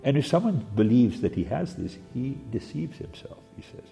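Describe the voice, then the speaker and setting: A man giving a devotional sermon, halting and full of fillers and restarts. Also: mid-range voice, sing-song, gravelly, warm tone. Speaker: preacher. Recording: long reverb with faint music.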